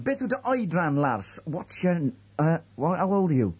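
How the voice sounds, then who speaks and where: Husky-voiced Welsh radio DJ, rambling. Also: male voice, fairly high pitch, sing-song, normal speed, a little mellow. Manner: teasing, rambling, switches between Welsh and English. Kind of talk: chaotic bilingual radio banter. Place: radio studio.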